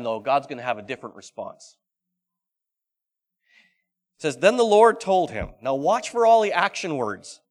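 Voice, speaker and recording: A man preaching a sermon in a high, lively voice that rises and falls a great deal. He reads scripture aloud dramatically. He puts one question after another to his listeners and moves between booming lines and near-whispers. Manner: animated, asks the audience many questions, swings between loud and hushed. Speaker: pastor.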